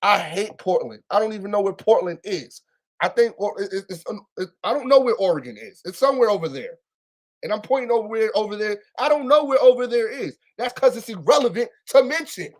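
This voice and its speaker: Man, high pitch, profane emphatic ranting sports co-host, casual talk. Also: lively intonation, brisk. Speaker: podcast co-host.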